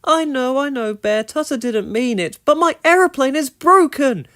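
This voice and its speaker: Woman voicing a young female bear cub, high-pitched, quick-tempered, complaining, storybook. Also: a little mellow. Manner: complaining, emphatic.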